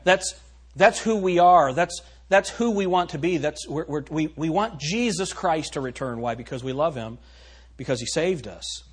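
A man's voice: on the high side, animated, moderate pace, breathy edge. A man preaching a sermon to his congregation, asking rhetorical questions and stressing his points. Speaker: pastor.

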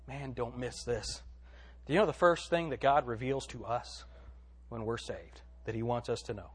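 A man preaching a sermon in a church, swinging between hushed, drawn-out phrases and loud emphatic lines. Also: mid-range voice, expressive, breathy edge. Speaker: pastor.

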